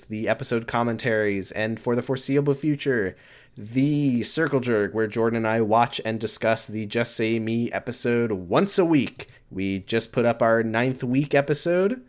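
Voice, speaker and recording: A man of middle pitch co-hosts a podcast and runs through the outro plugs. He talks casually and rambles a little, laughing between lines. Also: moderate pace. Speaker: podcast co-host.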